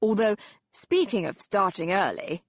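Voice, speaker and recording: Woman doing a drunk Victorian gentleman, slurred, mocking, loud, breathy, lively pitch. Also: measured pace, no room sound.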